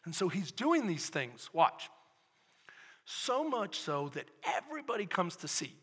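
A man with a Texan accent preaching a sermon as pastor, animated, acting out the scene in voices and swinging from shouting to hushed asides. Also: high voice, unhurried, husky, long reverb tail.

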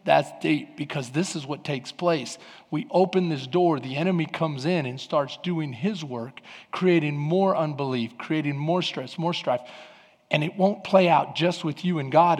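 Husky high-voiced preacher in a reverberant hall. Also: male voice, normal speed. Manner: fervent, emphatic preaching. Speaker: pastor. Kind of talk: sermon. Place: church sanctuary.

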